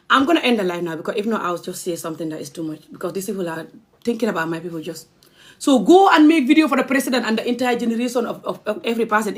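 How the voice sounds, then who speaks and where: A young adult woman from the Gambia, ranting angrily on a livestream. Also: medium pitch. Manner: impassioned, angry, confrontational. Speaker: vlogger. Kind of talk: livestream rant.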